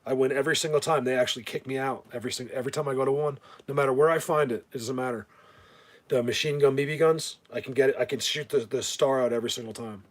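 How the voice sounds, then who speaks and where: Husky rambling New man. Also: mid-range voice, steady tone, fast talker. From New Jersey. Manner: rambling, joking, many restarts. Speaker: live video host. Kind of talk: casual rambling live chat.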